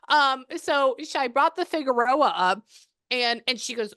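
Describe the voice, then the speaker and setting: A woman's voice: high-pitched, lively intonation, a little slow, fairly bright tone, no room sound. Chatty woman with a dry, close voice. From Texas. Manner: chatty and rambling, often breaking off to say hold on. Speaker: spiritual medium. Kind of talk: live reading session with a client.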